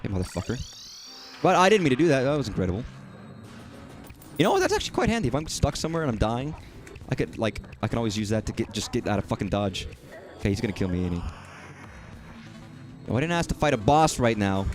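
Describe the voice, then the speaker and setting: A young man streaming a game, swearing freely and talking excitedly to himself as he plays. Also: lowish voice, fast talker, long pauses, soft background music. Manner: profane, excitable, talks to himself while playing. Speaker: gaming streamer. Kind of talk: live gameplay commentary.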